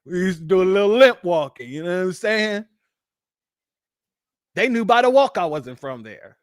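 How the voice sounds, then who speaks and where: Hosting a casual livestream, a man from Los Angeles talks animatedly at a normal speed, jumping into a high, playful voice whenever he quotes people. The sound is clean studio quality with no echo.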